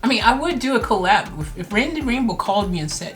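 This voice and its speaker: A woman's voice: on the high side, big pitch swings, fast talker, hardly any pauses, over music. A woman from the United States hosting a casual reaction video, rambling and self-mocking with lots of fillers.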